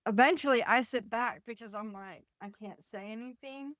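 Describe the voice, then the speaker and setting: A woman hosting a podcast, telling stories in a lively, animated way and acting out the voices of the people in them. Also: fairly high pitch, normal speed, no echo, studio quality. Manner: animated, acts out quoted voices. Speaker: podcast host. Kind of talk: casual storytelling.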